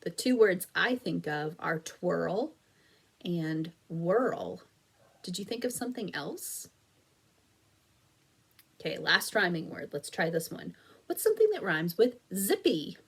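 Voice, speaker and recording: A woman teacher leads a recorded phonics lesson for young children. Her voice sits low and she speaks unhurriedly. She is patient and encouraging and stretches words out slowly so the class can clap the syllables. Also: big pitch swings, creaky, breathy edge. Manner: slow, stretched-out clapping of syllables.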